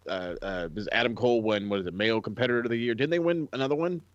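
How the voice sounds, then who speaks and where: A man's voice: lowish voice, very fast, no room sound, dull audio. Profane, exasperated podcast man. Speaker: podcast co-host. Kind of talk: casual podcast banter.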